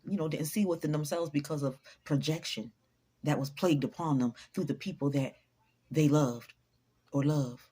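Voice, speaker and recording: A woman's voice: low voice, mellow, husky. A woman giving an emphatic, profanity-laced motivational talk, repeating her points for emphasis. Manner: emphatic, preachy, swears freely; repeats lines for emphasis, laughs often. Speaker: motivational vlogger.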